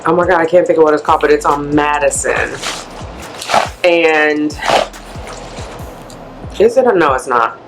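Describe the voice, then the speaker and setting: A woman vlogger chatting candidly to camera, a blunt and animated storyteller letting off steam. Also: low-pitched, measured pace, pauses often, over music. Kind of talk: candid vlog chat.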